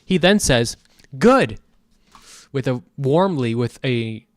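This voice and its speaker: A man's voice: mid-range voice, lively intonation, unhurried, no room sound, clean studio sound. A man streaming, chatting casually in a profane, ranting way. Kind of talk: casual chat.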